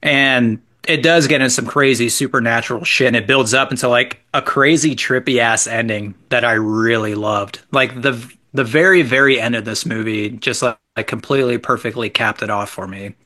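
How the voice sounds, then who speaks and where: A man's voice: mid-range voice, moderate pace, few pauses, sharp tone. A man casually chatting as a podcast co-host, giving an easygoing, enthusiastic movie review. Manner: easygoing, enthusiastic reviewer with loose filler words. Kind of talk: casual chat.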